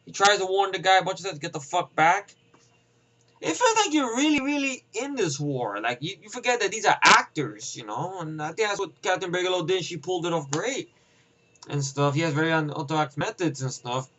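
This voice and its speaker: A man giving a casual, rambling film review, profane and excitable, acting out scenes with voices. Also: high voice, fairly quick, low-quality recording. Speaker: movie reviewer.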